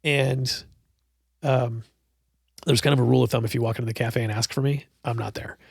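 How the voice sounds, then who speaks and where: A man's voice: mid-range voice, brisk, vocal fry, husky, no echo, clean studio sound. A man, a coffee roaster and cafe owner, telling stories as a podcast guest and acting out what people said. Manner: animated storyteller who acts out quotes. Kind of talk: casual podcast storytelling.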